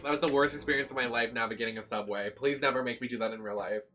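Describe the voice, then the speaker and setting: A man's voice: mid-range voice, fairly even intonation, very fast, pushed and bright, soft background music. A man streaming a horror game, giving live commentary in an anxious, dramatic way, full of nervous exclamations.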